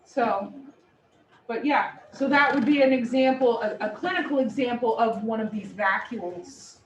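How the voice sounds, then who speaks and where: A woman instructor giving a lively, playful classroom lecture. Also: fairly high pitch, moderate pace, lo-fi sound. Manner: animated, playful explanations. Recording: echoey room, distant mic, faint noise.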